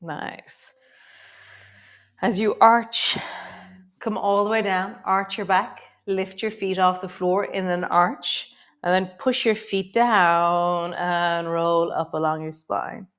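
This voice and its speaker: A woman teaching a live guided yoga class, giving gentle, encouraging movement cues broken up by chatty asides, and slowing and softening her voice as she talks students through each move. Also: lowish voice, little pitch movement, smooth.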